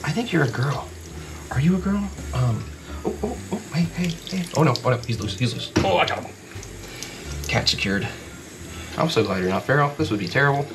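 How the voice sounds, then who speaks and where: A man sweet-talks a kitten in a gentle, often hushed voice, his pitch jumping up high for the baby talk. Water runs and splashes in the background, and the home recording has a lot of noise in it. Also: expressive, moderate pace, vocal fry. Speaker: fishing vlogger. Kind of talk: casual vlog talk. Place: indoors at home, bathing a kitten in a tub.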